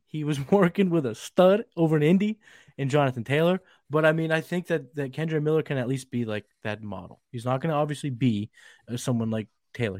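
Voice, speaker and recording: A man's voice: a little high, a little mellow, dry recording, clean studio sound. Loose bro-ish man with Boston accent. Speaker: podcast co-host. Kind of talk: casual fantasy football draft talk. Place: outdoors, getting dark.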